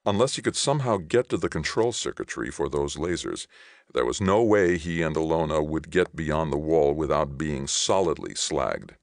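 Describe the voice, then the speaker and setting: Man reading a novel aloud, really deep voice, dry studio sound, calm and measured. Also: vocal fry, no echo. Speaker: audiobook reader. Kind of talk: scripted narration.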